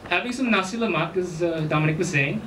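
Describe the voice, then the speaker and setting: A man's voice: sits high, fast talker, fairly bright tone, a little hiss or hum. A man doing stand-up comedy at a live venue, in a chatty, self-amused way. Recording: roomy, distant, faint ambience.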